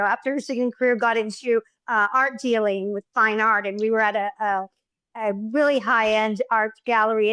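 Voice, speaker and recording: A middle-aged woman, a podcast guest, chatting casually and telling stories with lively enthusiasm. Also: a little high, clear, resonant tone, no room sound. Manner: effusive, animated storyteller. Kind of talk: casual interview chat.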